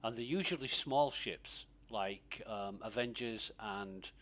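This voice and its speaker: Sweary low-voiced gamer. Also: male voice, slow pace, fairly bright tone. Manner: rambling, profane, laughs easily. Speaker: gaming streamer. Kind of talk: casual gameplay commentary.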